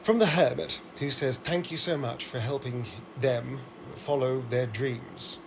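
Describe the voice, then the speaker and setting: A man's voice: mid-range voice, unhurried, creaky, a little hiss or hum. A man voicing a sardonic, theatrical male vampire elf who drawls and condescendingly calls everyone darling. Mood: mocking.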